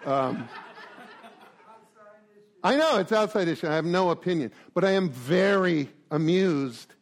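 A man around sixty giving a joking, animated talk to a recovery group, full of rhetorical asides. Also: high-pitched, measured pace. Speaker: recovery meeting speaker.

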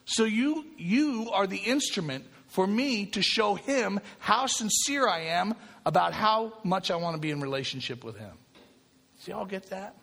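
Man, recovery group speaker, slightly high voice, casual, repetitive, long hall reverb. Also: a bit bright, breathy edge. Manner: conversational, often asks "right?" and repeats himself. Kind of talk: spiritual talk to a recovery group.

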